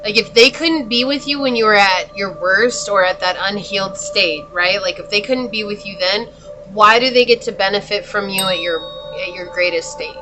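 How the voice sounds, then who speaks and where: A woman's voice: mid-range voice, normal speed, over music, low-quality recording. A woman giving a tarot reading in a chatty, casual way, talking straight to the viewer and laughing often. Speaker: tarot reader.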